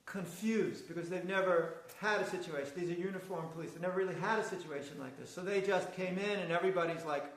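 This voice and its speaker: Excitable older man acting out a story. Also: high voice, quick pace, few pauses, echoey room, low-quality recording. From United States. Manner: excited, acts out quoted voices. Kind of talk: casual storytelling conversation.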